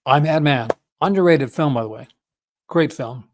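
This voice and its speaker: A man's voice: fairly high pitch, moderate pace. A man hosting a casual livestream, rambling enthusiastically and often correcting himself mid-sentence. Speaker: host.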